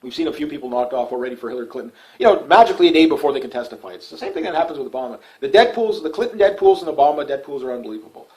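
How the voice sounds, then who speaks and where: A man's voice: mid-range voice, expressive, racing, hardly any pauses, a little mellow, low-quality recording. A middle-aged man delivering a casual political monologue to his channel, rambling and repetitive with frequent restarts. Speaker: political YouTuber.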